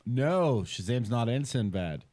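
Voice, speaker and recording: A man's voice: medium pitch, a little slow. A young man hosting a podcast in casual chat, telling stories with lots of swearing and mock voices. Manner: animated storytelling, swears freely, slips into mock mobster voices. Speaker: podcast host.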